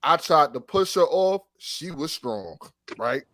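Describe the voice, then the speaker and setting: A man telling a long story in casual chat on a sports podcast, animated and profane, full of restarts. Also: fairly high pitch, slow pace, dry recording. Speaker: podcast co-host.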